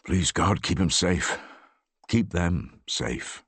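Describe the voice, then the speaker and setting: A man's voice: sits low, lively intonation, slow, fairly bright tone, slightly rough, dry recording, exaggerated voice. A man voicing an anxious, loyal gardener. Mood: worried. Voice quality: pleading, earnest.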